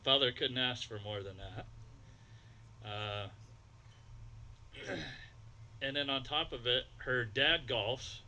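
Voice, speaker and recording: Emotional dad giving a wedding toast. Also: male voice, medium pitch, slow pace, pauses often, sharp tone, a little hiss or hum, poor audio. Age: middle-aged. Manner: emotional, folksy storytelling with quoted dialogue. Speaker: father of the groom giving a wedding speech. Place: wedding reception.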